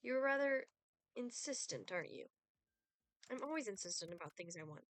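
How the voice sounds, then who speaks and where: A woman's voice: fairly high pitch, animated, normal speed, fairly bright tone, no room sound. A woman voicing an aloof male Grim Reaper, reading his game lines in a cool, clipped, formal way. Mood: cold, formal. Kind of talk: reading game dialogue aloud.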